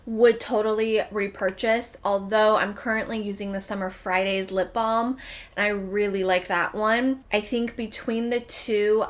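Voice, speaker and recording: A woman beauty vlogger chatting through products she used up, enthusiastic and a little out of breath. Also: medium pitch. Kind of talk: casual product review.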